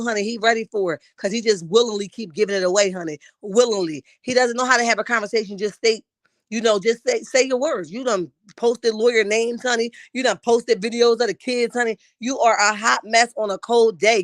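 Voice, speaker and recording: A woman's voice: medium pitch, a bit bright, no echo, clean studio sound. A woman from the Camden area hosting a casual livestream, reading viewers' comments aloud and calling everyone honey with sassy, chatty asides. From Camden, New Jersey area. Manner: chatty, greets viewers by name. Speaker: livestream host reading chat.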